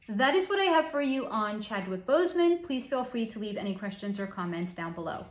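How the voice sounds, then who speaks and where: A woman's voice: on the high side, sing-song, a little fast, few pauses. A woman hosting a casual psychic reading, talking in a snarky, sarcastic, profane way. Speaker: psychic channel host. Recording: roomy echo.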